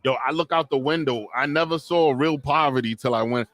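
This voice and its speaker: A man's voice: mid-range voice, fairly quick, no echo. A man co-hosting a video reaction show, telling slangy stories in casual chat. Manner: animated storytelling, slangy.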